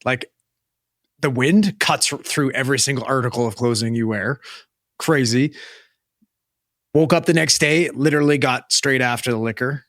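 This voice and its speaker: A man's voice: medium pitch, moderate pace, pauses often, a bit bright, no room sound. A young man from Western Canada, co-hosting a podcast and telling a rambling, sweary story in a casual chat, on a close mic. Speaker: podcast co-host.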